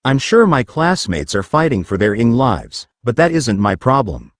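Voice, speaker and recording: A man's voice: medium pitch, sing-song, normal speed, dry recording, studio quality. A man reading a fan fiction story aloud in the first person, casual and sometimes profane. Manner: reads aloud, including punctuation, with casual cursing.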